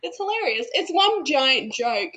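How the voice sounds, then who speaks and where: Bright-voiced woman co-host, lively, laughs easily in casual chat. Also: high voice, unhurried, rough recording. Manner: animated, laughs often while talking. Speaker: podcast co-host.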